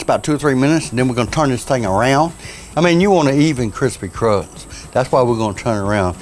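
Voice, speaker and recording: Man, Cajun Louisiana accent, folksy chatty cooking demo, mid-pitched voice, faint outdoor noise. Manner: folksy, chatty, says y'all a lot. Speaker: cook.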